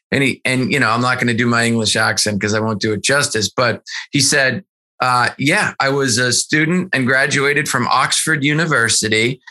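A man who is a sales executive guest, telling stories in a podcast interview in an earnest, animated way with many restarts. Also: medium pitch.

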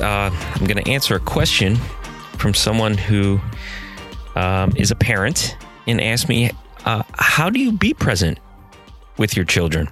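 A man hosting a podcast, telling a story and giving mindfulness advice in a gentle, reflective way. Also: fairly low pitch, no room sound. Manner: gentle and reflective, with soft hesitations. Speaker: podcast host.

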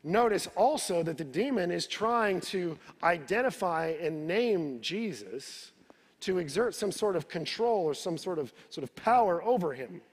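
A man's voice: sits high, animated, a little slow, slightly rough. A male pastor preaching a sermon, retelling the scripture in his own words and repeating words as he builds each point. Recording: reverberant hall.

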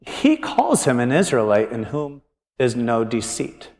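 Lively preaching man in a reverberant hall. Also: mid-range voice, a little slow. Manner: animated, joking, thinking aloud. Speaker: pastor. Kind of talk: conversational sermon. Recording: long reverb of a large hall.

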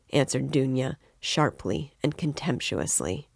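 Lady reading a novel out loud, steady and even, kinda creaky, dry. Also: rumbling low, moderate pace, hardly any pauses, no echo. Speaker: reader. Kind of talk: audiobook reading of a classic novel.

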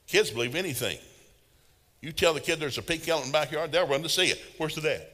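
A male preacher with a bright, ringing voice tells his sermon as folksy stories full of humor. His words roll out into a long echo across a large hall. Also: a little high, quick pace. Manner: folksy, humorous storytelling with laughs.

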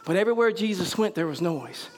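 A very high-pitched male preacher with a drawl. He swings between shouted, fervent bursts and hushed storytelling. Hallelujahs punctuate his sermon to the congregation. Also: animated, fast. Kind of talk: revival sermon.

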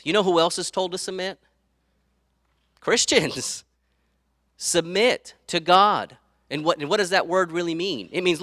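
Forceful, bright-voiced male pastor preaching. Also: sits high, unhurried, long pauses, dry recording, clean studio sound. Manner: conversational, tag questions to the audience; acts out quoted speech. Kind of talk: sermon.

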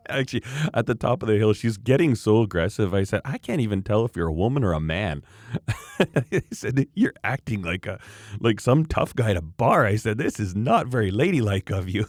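Animated storytelling man, lively pitch. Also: no room sound, studio quality. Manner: animated anecdote telling, acts out other voices. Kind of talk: casual chat.

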